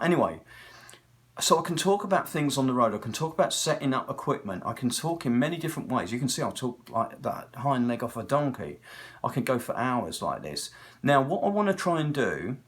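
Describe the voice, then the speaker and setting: A man in his sixties with a British accent talks to the camera in a loose, unscripted monologue. He is a chatty storyteller who drifts from one tangent to another. His pitch sits in the middle for a man. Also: animated, fairly quick, a bit bright. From Britain. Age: 60s. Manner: digressive, talkative, tangent-hopping storyteller. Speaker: guitar technician. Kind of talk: casual rambling monologue.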